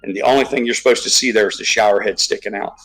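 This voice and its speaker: A man's voice: fairly low pitch, steady tone, very fast, a bit bright, faint music behind, low-quality recording. A man chatting casually on a live stream, rambling, swearing freely and restarting his sentences often. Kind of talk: casual chat.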